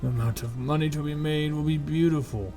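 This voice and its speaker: A man's voice: fairly high pitch, a little fast, faint music behind, pitched above the performer's own voice, lightly acted. A man doing an oily, fawning slaver. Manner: oily, smooth-talking flattery. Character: fawning male slaver flattering a woman.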